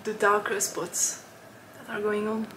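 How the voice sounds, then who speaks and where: A woman's voice: mid-range voice, level tone, a little slow, fairly bright tone, echoey room, slight background noise. Giggly, chatty woman podcast host. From lives in Switzerland. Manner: chatty and giggly, with frequent ums and laughs. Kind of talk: casual podcast chat.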